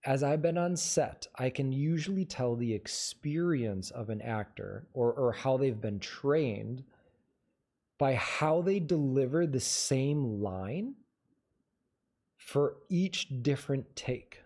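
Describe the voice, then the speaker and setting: A man's voice: medium pitch, expressive, slow pace, a little mellow. A man hosting a livestream, casually giving advice and answering viewer questions in a conversational way. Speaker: livestream host.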